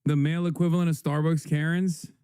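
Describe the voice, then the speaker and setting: A man reacts to clips on a live stream, sarcastic and exasperated and quick to swear. His voice sits a little high but sounds dark and mellow. The sound is dry and close. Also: flat delivery, clear, resonant tone, dry recording. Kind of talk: casual profane commentary.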